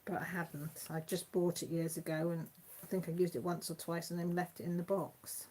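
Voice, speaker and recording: A woman's voice: fairly low pitch, little pitch movement, normal speed, warm tone, slight background noise. Chatty tired woman. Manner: chatty and rambling, with many restarts. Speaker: host of a live chat stream. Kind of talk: casual chat.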